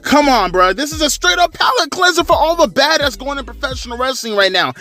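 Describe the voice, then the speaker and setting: A man's voice: very high-pitched, a little fast, faint music behind. A man in his thirties giving a casual, profane, slangy rant as a wrestling commentary vlogger. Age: 30s. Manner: slangy, animated, crude.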